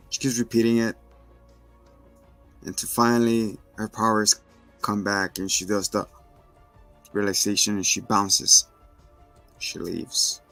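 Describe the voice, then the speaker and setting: A man, a parent, casually recapping a TV episode and retelling its scenes with quick asides. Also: a bit bright, poor audio. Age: adult with children. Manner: retells scenes and acts out the characters' lines in a higher voice. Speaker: show host recapping a TV episode. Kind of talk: casual recap with acted quotes.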